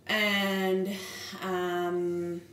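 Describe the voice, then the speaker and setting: A woman's voice: lowish voice, little pitch movement, drawn-out words, a bit bright. A woman in her thirties telling a personal story in casual chat, candid and emotional. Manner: candid, emotional, acts out quoted dialogue. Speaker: podcast co-host sharing her story. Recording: echoey room with faint noise.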